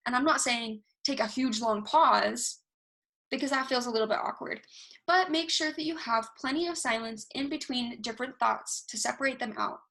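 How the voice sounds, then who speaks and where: A young woman presenting a casual online workshop, talking fast and animated, recorded alone over a video call. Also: a little high. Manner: self-described fast talker, animated, talks with hands. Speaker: university research workshop presenter. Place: alone, recording herself at a computer. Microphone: recorded through video call software.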